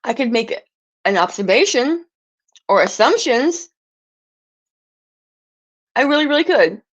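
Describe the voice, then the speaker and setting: A woman's voice: a little high, big pitch swings, unhurried, lo-fi sound. A woman livestreaming an angry, profane rant, stumbling and restarting words as she gets heated.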